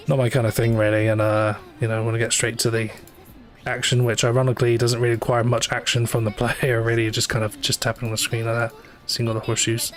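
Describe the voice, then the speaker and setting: Rambling casual male game streamer. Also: medium pitch. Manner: rambling, many fillers and self-corrections, dry asides. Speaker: livestreamer playing a gacha game. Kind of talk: casual live commentary. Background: faint game music.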